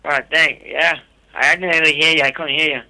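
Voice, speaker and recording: A man talking casually as a guest over a phone line, halting and repeating words as he goes. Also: a little high, fairly even intonation, bright, forceful tone.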